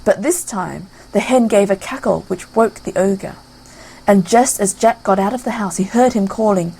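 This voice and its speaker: A woman narrating a classic fairy tale aloud in a lively storybook reading style. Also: medium pitch, moderate pace, gravelly, breathy edge, poor audio.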